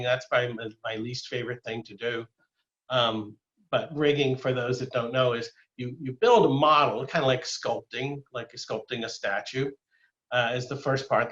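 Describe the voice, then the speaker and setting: A man's voice: medium pitch, fairly bright tone, highs cut off. An older man giving a casual illustrated talk as a guest speaker, rambling with many fillers and restarts. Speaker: guest speaker, former animator.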